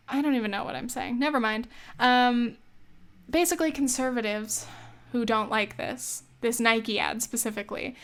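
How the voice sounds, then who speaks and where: A woman's voice: a little high, clear, resonant tone. A young woman hosting a solo podcast, talking in a rambling, opinionated way, often laughing and correcting herself. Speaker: podcast host. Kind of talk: casual solo podcast commentary.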